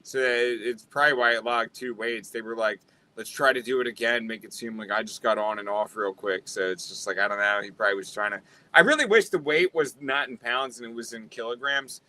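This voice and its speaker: A man with a very bright, sharp tone and a medium pitch chats casually on a podcast. He spins jokey stories, slipping into quick acted-out lines of dialogue. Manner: storytelling, acts out little quoted bits. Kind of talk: casual chat.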